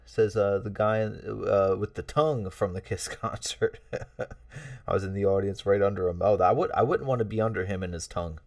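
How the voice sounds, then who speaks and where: A man's voice: on the low side, steady tone, normal speed, a little mellow, no echo, clean studio sound, recorded from a distance. A man hosting a casual livestream, chatting with viewers in a rambling, friendly way with many fillers and chuckles. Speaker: livestream host. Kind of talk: casual livestream chat reading out chat messages.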